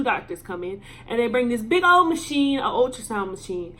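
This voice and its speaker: A young woman telling an emotional personal story in a vlog, with lots of ums and pauses. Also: fairly high pitch, sing-song, fairly bright tone. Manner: halting and filler-heavy, emotional. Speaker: vlogger.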